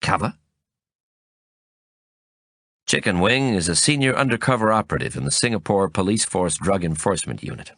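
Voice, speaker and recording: A man with a low voice reads a first-person novel aloud. His pitch moves a lot as he tells the story. The sound is close and dry, with no room around it. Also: animated, quick pace, hardly any pauses, fairly bright tone, no room sound. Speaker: audiobook reader. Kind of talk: first-person audiobook narration.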